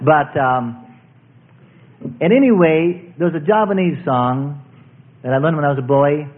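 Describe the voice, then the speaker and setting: A man's voice: fairly high pitch, a little slow. A man preaching a sermon as pastor, telling rambling, folksy stories with frequent restarts. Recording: tinny phone-like recording.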